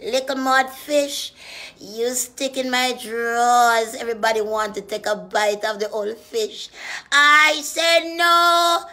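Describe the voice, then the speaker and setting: A woman doing a profane comic rant in a preacher's manner, dropping to hushed whispers and rising to loud shouts. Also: high-pitched. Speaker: comedian.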